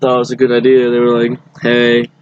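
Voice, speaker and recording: Flat-voiced young man telling a story. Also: medium pitch, brisk, muffled recording, slight background noise. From Boston area. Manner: rambling, many fillers and restarts. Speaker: guest. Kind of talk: casual storytelling.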